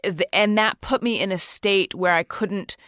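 A woman's voice: medium pitch, unhurried, fairly bright tone, no room sound, clean studio sound. A woman hosting a casual podcast chat who listens, sympathizes and relates her own experience. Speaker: podcast host.

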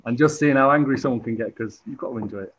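A man from England talks as a goalkeeper guest in a relaxed interview, stumbling through fillers and repeated starts. His voice is mid-pitched and plain. The recording sounds dull and lo-fi. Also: very fast, slight background noise. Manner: hesitant, lots of fillers and restarts. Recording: dull lo-fi audio.

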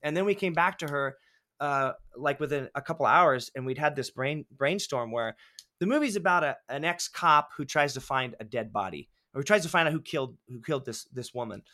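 A man on a podcast telling animated, profanity-laced stories about making films, acting out what people said. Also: on the high side, brisk. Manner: animated, swears often, acts out quotes. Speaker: filmmaker guest. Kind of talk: casual podcast storytelling.

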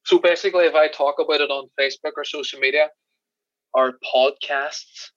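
An Irish man tells lively, profane stories at a quick clip. His voice is bright and a touch high, recorded dry with a slightly dull, lo-fi sound. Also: no room sound. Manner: animated, swearing, laughing storyteller. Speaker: podcast guest, special effects crew member. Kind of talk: casual storytelling chat.

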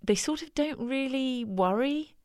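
A woman, a wildlife filmmaker, telling stories in a lively conversational way and acting out what people said. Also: measured pace, no echo. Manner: animated, acts out quotes in a higher voice. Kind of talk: conversational storytelling.

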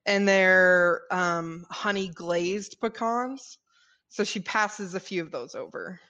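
A woman playing a tabletop game, describing her character's actions in an unhurried way with fillers. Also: lowish voice, bright, forceful tone, dull audio. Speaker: player.

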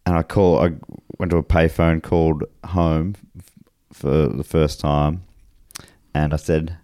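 His voice is extremely low, flat in delivery, unhurried, and mellow. An Australian man hosting a podcast, he's easygoing and laughs often as he reads listener messages in a casual chat. Studio quality, with no room sound.

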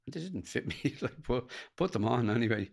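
Older Irish man with a gravelly voice. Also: medium pitch, animated, brisk. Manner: earnest, plain-spoken, reflective storytelling. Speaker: guest. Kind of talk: personal storytelling in a podcast interview.

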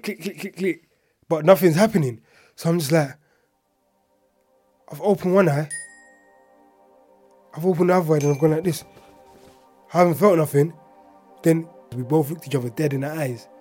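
Mellow-voiced man telling a story. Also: fairly high pitch, fairly quick, long pauses, slightly rough, faint music behind. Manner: chatty, heavy on filler words and asides. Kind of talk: casual anecdote telling.

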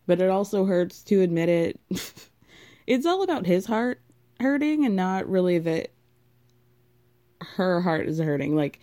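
A woman's voice: fairly low pitch, very animated, measured pace, pauses often, warm tone. A woman with a contralto voice giving a sarcastic, gossipy recap of a reality TV show in a casual way.

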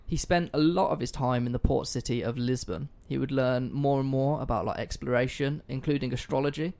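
A non-American man hosts a casual history podcast, telling the story in a loose, sweary, joking way. His mid-range voice is a little fast and a little mellow.

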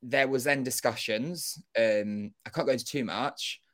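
A young man telling a story as an interview guest, animated and acting out quoted dialogue, with casual swearing. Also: medium pitch, measured pace. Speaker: interview guest, former contestant.

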